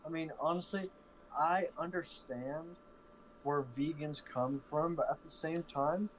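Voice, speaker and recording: A man's voice: a little high, a little slow, slight background noise, low-quality recording. A man in a casual chat, mostly chiming in with short, profane reactions. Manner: brief profane backchannel reactions.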